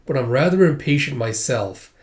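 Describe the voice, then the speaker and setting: A man voicing a calm, refined, mysterious man as he reads a manga aloud. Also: medium pitch, natural voice. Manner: measured, formal.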